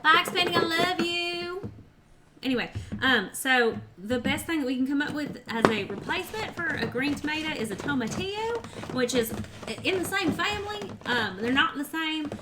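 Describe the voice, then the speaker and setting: A woman's voice: sits high, lively intonation, normal speed, heavy background noise. A woman hosting a casual cooking livestream, chatting and teasing her viewers as she reads their messages. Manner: chatty, talks to chat, teasing. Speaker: livestream host. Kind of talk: casual cooking stream chat.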